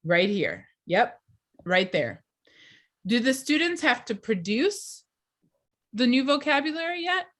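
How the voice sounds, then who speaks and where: Woman teaching a class, clear and deliberate. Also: fairly high pitch, sing-song, fairly bright tone. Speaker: teacher trainer. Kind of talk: class lecture.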